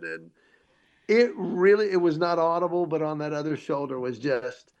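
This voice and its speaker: A man's voice: high-pitched, unhurried, muffled recording. A comedian telling his story in an interview, acting out the voices of the people he quotes. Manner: animated, acts out quoted voices. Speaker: comedian guest.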